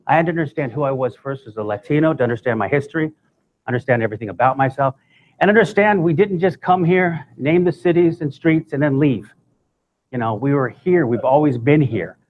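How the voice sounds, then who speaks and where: A man's voice: mid-range voice, a little fast, dull audio. Male guest speaker, conversational, comic storytelling. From United States. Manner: conversational, joking asides.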